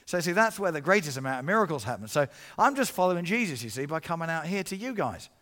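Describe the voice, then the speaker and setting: Middle aged evangelist guy telling a story, goes quiet then loud, bright kinda tense voice. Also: a little high, quick pace. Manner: animated, swings from hushed to loud. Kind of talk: storytelling sermon.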